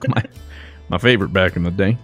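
A young man chatting over a game while joking in a put-on gruff Western drawl. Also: sits low, moderate pace, fairly bright tone, soft background music. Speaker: gaming YouTuber. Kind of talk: joking gameplay chat with put-on cowboy voices.

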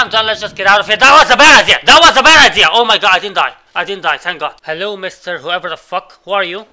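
A young man, a native Arabic speaker, giving excitable, swearing commentary while playing a game and reacting loudly to surprises. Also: high-pitched, a little hiss or hum, low-quality recording. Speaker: gaming YouTuber. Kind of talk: Minecraft let's play commentary.

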